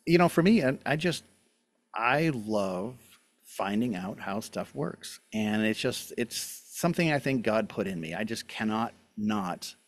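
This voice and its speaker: A middle-aged man, a doctor appearing as a guest on a health show, explaining things in a relaxed chat and laughing often. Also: fairly low pitch, unhurried.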